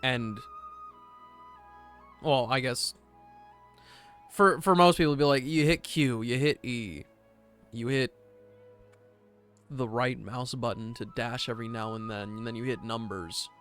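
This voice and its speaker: A male streamer chats casually while he plays, rambling and poking fun at himself. His voice is bright, smooth and fairly high for a man. Soft music plays faintly behind him. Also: fairly even intonation, measured pace, pauses often. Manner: rambling, self-deprecating overthinker. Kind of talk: casual gaming stream chat.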